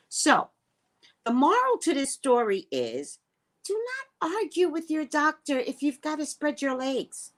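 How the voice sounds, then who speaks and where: A woman who works as a psychic, telling a story in a casual, profane way and swinging between loud and hushed. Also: sits high.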